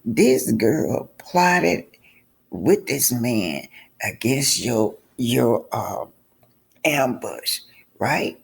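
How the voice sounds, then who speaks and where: A man's voice: medium pitch, very animated, drawn-out words, gravelly, slightly rough. A man giving casual vlog commentary on a reality show, talking straight to his viewers and repeating points for emphasis.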